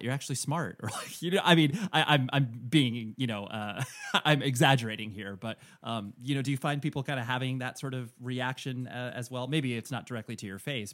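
A man's voice: mid-range voice, fairly bright tone, no room sound. A man hosting a podcast who reads a sponsor ad and then asks long, hesitant, rambling questions. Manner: rambling, hesitant, many fillers when asking questions. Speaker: podcast host. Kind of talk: ad read and interview questions.

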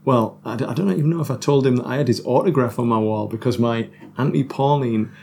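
A man talking casually on a podcast, laughing at himself and circling back over his words. His voice has a gravelly rasp at mid pitch. There is a faint noise under the recording. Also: fast, a little mellow. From North East England. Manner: chatty, self-deprecating, lots of restarts and laughs. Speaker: guest musician.

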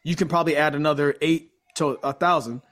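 Fast-talking animated man telling golf stories. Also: fairly high pitch. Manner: animated storyteller, acts out quotes. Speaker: podcast co-host. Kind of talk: casual golf chat.

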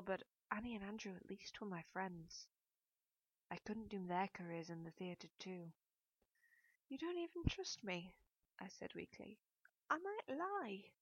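Woman, first-person audiobook narration, measured storytelling, muffled dry sound. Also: mid-range voice, no echo. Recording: dull, dry audiobook recording.

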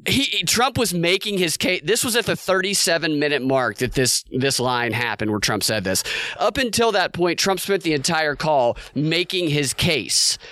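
A man co-hosting a podcast, talking over political news in a casual, animated way and acting out quotes. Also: on the high side, normal speed, no room sound. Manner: animated, quotes others in put-on voices. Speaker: podcast co-host.

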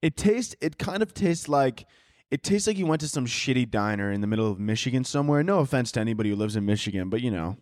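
At home, downstairs by a Christmas tree, a podcast host with a mid-range, darkish voice rambles in a crude comedic monologue, speaking expressively and quickly. He interrupts himself and cracks crude jokes, and the sound is dry and close with no echo.

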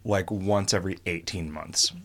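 A man's voice: deep voice, steady tone, moderate pace. A man hosting a podcast, chatting casually and joking with his co-hosts. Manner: joking, laughs often. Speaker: podcast host. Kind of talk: casual chat.

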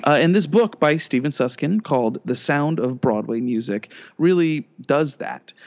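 A man co-hosting a podcast, talking in a chatty, self-deprecating way with quick bursts. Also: fairly high pitch, expressive, creaky, darkish tone, highs cut off. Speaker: podcast co-host. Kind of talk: casual chat.

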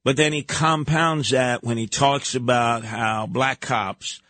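A man's voice: medium pitch, fairly even intonation, slow, sharp tone, no echo. A man hosting a talk radio show, giving combative, sarcastic commentary. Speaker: radio host.

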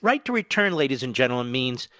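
A man hosting a political talk radio show, emphatic and indignant, firing off rapid points. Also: medium pitch, sing-song, pushed and bright, no echo.

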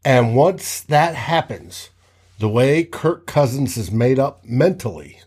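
A man hosting a casual sports talk show, telling game stories with animated re-enactments of players' shouts. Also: medium pitch, slow, husky. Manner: animated, acts out players' shouts mid-story.

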